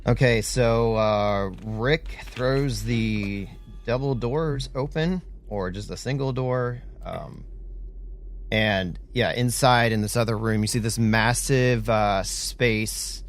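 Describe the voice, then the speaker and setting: A man narrating a tabletop game as game master, easygoing and quick to laugh. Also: mid-range voice, a little hiss or hum. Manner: easygoing, laughs often, fills pauses with um.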